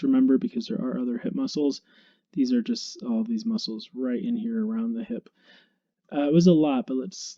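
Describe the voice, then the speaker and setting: A man teaching anatomy in a relaxed, conversational way, walking through the muscles one by one. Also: mid-range voice, muffled recording. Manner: relaxed and conversational, with small restarts. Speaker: instructor. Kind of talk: casual anatomy lecture.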